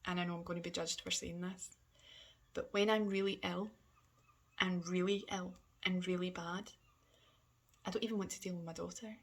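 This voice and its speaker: A woman talking candidly in a personal vlog, hesitant and halting, often sinking to a soft near-whisper. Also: fairly low pitch, fairly even intonation. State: emotional. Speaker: vlogger.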